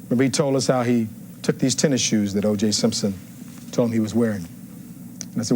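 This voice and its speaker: A man's voice: mid-range voice, fairly even intonation, fast, pauses often, darkish tone, slight background noise. A man giving a courtroom closing argument as defense attorney, reading testimony aloud and firing rhetorical questions at the jury.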